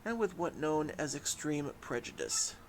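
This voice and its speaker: A man's voice: on the high side, lively intonation, measured pace, a crowd in the background. A man voicing a menacing male mafia boss with a mock New York gangster accent and a drawling tough-guy manner, with faint background noise.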